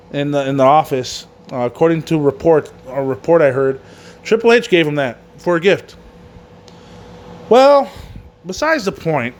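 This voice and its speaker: A man with a fairly high voice hosting a casual wrestling recap. He rambles loosely and swears freely. He often laughs at his own jokes. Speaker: podcast host.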